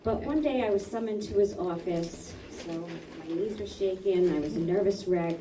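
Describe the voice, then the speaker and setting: A woman's voice: lowish voice, normal speed. A woman superintendent giving a tribute speech at a school library ceremony, recalling memories with light laughs. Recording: echoey room from far off, background noise.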